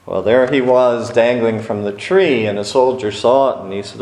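In an echoey room, a man preaches a sermon slowly, using dramatic pauses and acting out quotes from scripture stories. His mid-range voice is steady and a little mellow.

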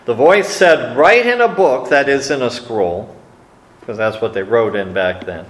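A man's voice: fairly low pitch, animated, unhurried. A man teaching a sermon on scripture in a conversational, folksy way. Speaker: preacher. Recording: echoey room.

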